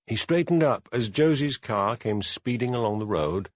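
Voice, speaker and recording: A man narrating a mystery audiobook in a measured storytelling manner. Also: mid-range voice, expressive, dry recording, lo-fi sound. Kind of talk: scripted narration.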